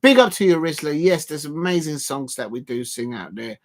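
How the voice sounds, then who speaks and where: A man hosting a live football watch-along with a slightly higher voice. He rambles casually to his viewers, often trailing off into ums and restarting his sentences. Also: expressive, normal speed. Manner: rambling, full of fillers and restarts, talking to chat viewers.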